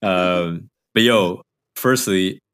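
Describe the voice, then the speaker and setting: A man's voice: low voice, very slow, a bit bright, clear, resonant tone. A man co-hosting a podcast, chatting loosely with lots of swearing and laughter. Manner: loose, profane, laughs a lot. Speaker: podcast co-host. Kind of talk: casual chat.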